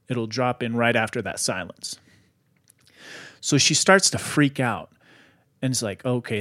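Casual man telling a spooky story. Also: medium pitch. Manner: animated, lots of "like" fillers. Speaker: podcast host.

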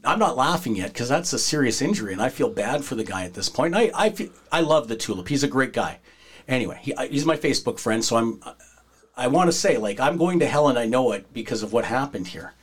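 Male podcast host, mid-pitch, casual storyteller who acts out the quotes. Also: quick pace, slightly rough. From Canada. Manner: animated, acts out quoted voices, breaks into laughter.

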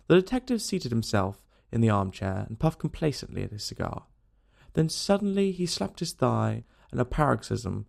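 A man narrating a classic novel in a steady storytelling delivery. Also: medium pitch, moderate pace, gravelly. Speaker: audiobook narrator.

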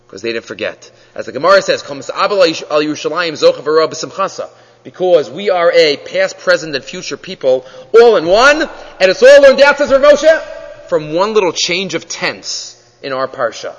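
Male rabbi lecturing, high voice with lively swings, asks many questions. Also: moderate pace. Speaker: rabbi teaching a class. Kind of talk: Torah class lecture. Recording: dull lo-fi audio in a reverberant hall.

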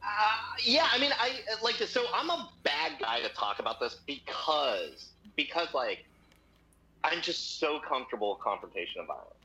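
A man in his thirties chatting casually on a podcast, telling profane, animated anecdotes with quoted voices. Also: a little high, moderate pace. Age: 30s. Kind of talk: casual chat, storytelling. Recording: dull lo-fi audio.

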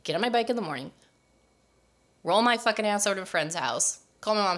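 Podcast cohost lady, super animated, swears a ton, does little voices. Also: medium pitch, quick pace. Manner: swears freely, animated, acts out quoted voices. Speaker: podcast co-host. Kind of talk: casual chat.

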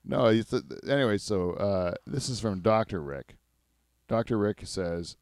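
A man hosting a podcast in casual, rambling chat, self-mocking and quick to laugh. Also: lowish voice, expressive, a little mellow, dry recording, clean studio sound. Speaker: podcast host.

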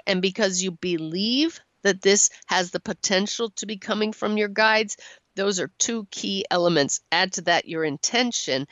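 A middle-aged woman hosting a call-in radio show, encouraging and quick to laugh. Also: medium pitch, dry recording, lo-fi sound. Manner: warm-voiced, encouraging, laughs often. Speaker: radio show host and channeler. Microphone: studio microphone.

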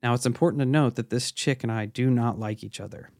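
A man's voice: mid-range voice, fast, darkish tone, no echo, clean studio sound. Laid-back man reading a story. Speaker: podcast host. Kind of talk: casual chat and reading a listener story aloud.

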